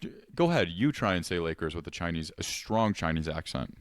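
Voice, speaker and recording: A man co-hosting a podcast, telling an animated story in casual chat and acting out quotes. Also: sits low, fairly quick, dry recording, studio quality. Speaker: podcast co-host.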